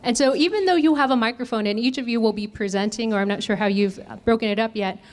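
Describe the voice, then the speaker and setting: Her voice on the high side and her pace fast, a communication trainer leads an interactive workshop. She puts questions to the audience and shows them various voice techniques.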